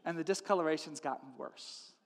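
A man's voice: a little high, fairly quick, big-room sound. A man preaching a sermon, telling a story with humor and acting out its characters. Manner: animated, acts out characters with funny voices. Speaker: pastor.

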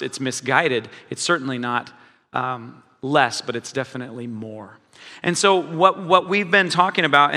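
A man's voice: mid-range voice, pushed and bright, long reverb tail. A man preaching a sermon in a conversational way, with many fillers and restarts. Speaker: pastor.

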